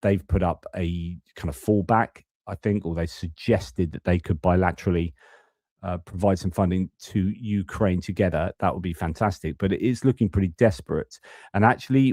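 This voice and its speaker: Mellow, low-voiced man hosting live news. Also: moderate pace, dry recording, studio quality. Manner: casual, thinking aloud over footage. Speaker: host. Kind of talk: live-stream news commentary.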